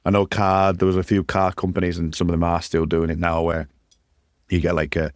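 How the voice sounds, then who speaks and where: A man's voice: low voice, monotone, brisk, no echo, clean studio sound. A man hosting a podcast, chatty and easily amused, musing aloud on the topic. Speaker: podcast host. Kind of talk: casual podcast chat.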